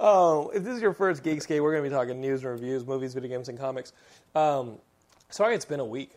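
A male podcast host chatting casually into a studio mic. His talk is animated storytelling, loose and full of fillers and laughs. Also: medium pitch, fast. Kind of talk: casual chat.

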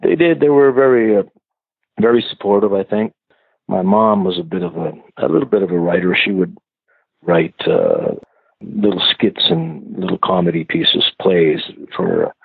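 Acadian man, singer-songwriter guest, very deep gravelly voice, halting answers over a tinny phone line. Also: no room sound. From Canada. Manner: hesitant, many restarts and fillers. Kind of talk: casual interview answers.

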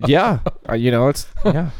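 A man's voice: mid-range voice, animated, normal speed, darkish tone, no echo, clean studio sound. A man co-hosting a podcast, telling stories in laid-back casual chat, saying dude a lot and laughing at his own jokes. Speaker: podcast co-host.

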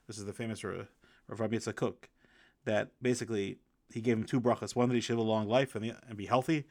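A man reviewing a book by telling stories in a casual, halting way, with many restarts and fillers, lingering reverently on sayings. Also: on the low side, fairly even intonation, creaky, no echo, studio quality.

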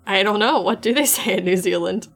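A woman's voice: mid-range voice, a little fast, vocal fry, faint music behind. A woman co-hosting a podcast in casual chat, enthusiastic and giggly, reading out show credits. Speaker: podcast co-host.

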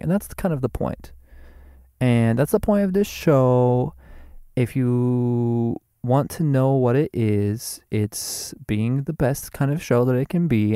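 A man's voice: fairly low pitch, mellow, clear, resonant tone, no echo, studio quality. A man hosting his own show, talking nonstop in a loose, self-amused stream of consciousness and swearing freely. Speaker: podcast host. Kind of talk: improvised rambling monologue.

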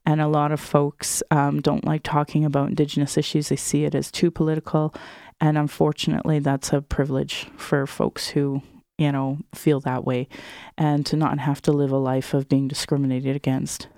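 A woman's voice: low voice, flat delivery, moderate pace, few pauses, dark tone, no echo, clean studio sound. A woman activist speaking as an interview guest, earnest and direct.

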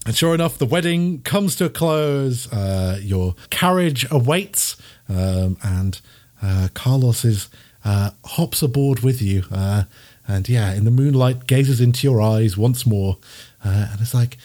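A man's voice: mid-range voice, expressive, measured pace, mellow. A man narrating as game master of a tabletop game, rambling with many restarts and laughing along.

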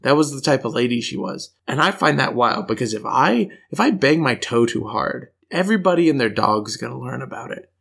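An American man co-hosting a relaxed podcast, drifting playfully from joke to story. His voice sits in an ordinary middle pitch with a noticeable gravelly creak. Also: a little fast, few pauses. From United States. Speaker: podcast co-host. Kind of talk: casual chat.

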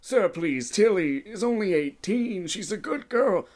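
Guy doing a scared little middle-aged elf, raised pitch, polite and jittery. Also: lively intonation, measured pace, a little mellow. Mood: nervous. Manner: anxious and deferential.

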